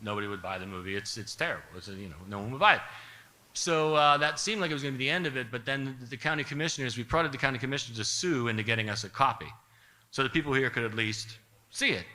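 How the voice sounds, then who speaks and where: A man telling a comic story live to an audience, animated and wry, chuckling through his punchlines. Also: medium pitch, fast.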